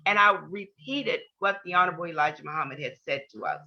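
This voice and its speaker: Talking fairly quickly with few pauses, a low-pitched older woman shares a heartfelt testimony in an interview. She repeats her main points to stress them, and the podcast recording sounds dull and lo-fi.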